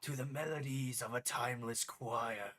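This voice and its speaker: A man voicing a solemn, mysterious male figure, speaking slowly and gravely in a measured way. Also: medium pitch, steady tone, pushed and bright, pitched below the performer's own voice. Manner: slow, grave, measured delivery.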